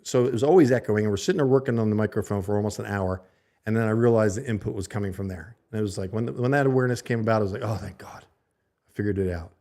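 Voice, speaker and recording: A livestream host at home races through loose, casual chat with his viewers, reading their comments out loud. He speaks close to a desk mic in a lowish voice with a dark tone.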